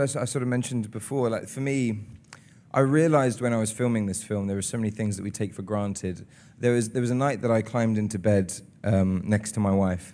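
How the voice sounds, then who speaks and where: Young male actor, low-pitched, earnest and reflective, interview setting. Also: mellow. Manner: earnest and reflective, with many halting restarts. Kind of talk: casual interview talk. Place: studio interview in front of an audience.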